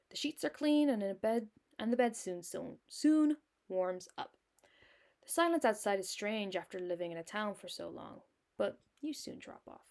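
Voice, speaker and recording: A woman's voice: fairly high pitch, darkish tone. Irish woman narrating a solo game. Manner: chatty, self-mocking asides.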